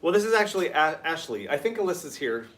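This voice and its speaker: A man's voice: on the high side, big pitch swings, fast, a bit bright. A man hosting a casual livestream from a garage, greeting viewers by name in an upbeat way. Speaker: livestream host.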